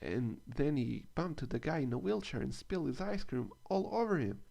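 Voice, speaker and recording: A man doing stand-up comedy, telling pun-based jokes and a rambling anecdote in a deadpan way. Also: fairly high pitch, normal speed, vocal fry. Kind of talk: stand-up one-liners and anecdote.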